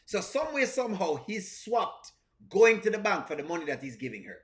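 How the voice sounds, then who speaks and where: Animated high-voiced male stream host. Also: a little fast. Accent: strong non-standard English accent. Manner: animated, repeats himself, greets chat. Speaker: reaction channel host. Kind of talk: live-stream reaction commentary.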